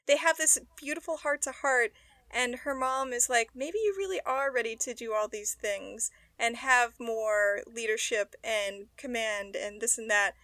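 A young woman co-hosts a podcast in a relaxed, chatty way, quick to laugh. Her voice is bright and sits a little high. The sound is dry and close, with no room echo. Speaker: podcast co-host. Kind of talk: casual chat recapping a TV episode.

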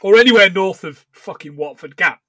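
A man with a high, bright voice, recorded dry and close with no room sound. He co-hosts a podcast in loose, rambling chat, dropping in swear words as he goes through what he has seen. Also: animated, a little fast, no echo. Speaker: podcast co-host. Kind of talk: casual chat.

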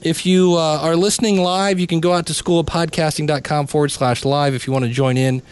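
A man's voice: fairly high pitch, fairly even intonation, fairly quick, clear, resonant tone. A man reviewing a podcast live as a coach, chatty and full of restarts. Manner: chatty, many restarts and fillers.

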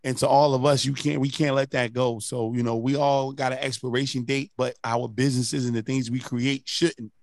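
A man's voice: medium pitch, flat delivery, normal speed, few pauses, darkish tone, no echo. Supportive male podcast host, dry sound. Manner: supportive, brief affirmations. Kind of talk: casual interview.

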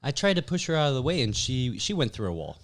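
Wisecracking man with a lively voice. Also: medium pitch. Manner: wisecracking, quick teasing asides. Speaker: podcast co-host and club co-owner. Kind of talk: casual chat.

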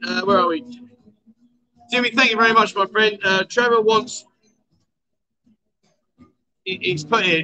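A man's voice: sits high, sharp tone, poor audio. A man hosting a casual livestream chat show from a bar at night, joking with his guest and reading out viewer comments. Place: bar in a noisy city street at night.

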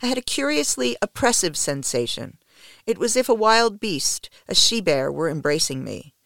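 An audiobook narrator reading a first-person novel in a measured, expressive way, dropping low at the ends of sentences. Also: vocal fry, no room sound, studio quality.

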